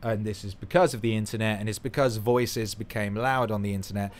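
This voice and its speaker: A man hosting a casual livestream chat, excitable and swearing freely, swinging between mumbles and loud bursts. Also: lowish voice, a little fast, a little hiss or hum. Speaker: livestream host.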